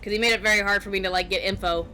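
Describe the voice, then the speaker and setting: A woman's voice: medium pitch, steady tone, very fast, sharp tone, faint music behind. A woman streaming a game, chatting casually and rambling with lots of fillers. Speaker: let's play streamer. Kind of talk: casual gameplay commentary.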